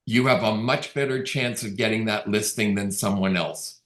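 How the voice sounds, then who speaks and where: A middle-aged man from Canada, a real estate agent, tells casual stories in a webinar and acts out quoted dialogue. His voice is on the low side and a bit bright, at normal speed, coming through a video call with roomy echo.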